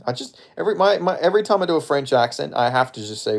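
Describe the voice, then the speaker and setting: A man's voice: medium pitch, lively intonation, a little fast, vocal fry, darkish tone. Australian man, casual live-stream chat, rambling, jokey, swears, mumbled asides. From Perth, Western Australia.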